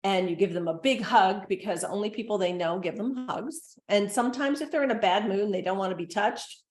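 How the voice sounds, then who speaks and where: In an echoey room, a middle-aged woman presents to caregivers on a recording, talking fairly quickly at a medium pitch. She's a dementia care consultant and presenter, conversational and earnest, who acts out gentle quotes.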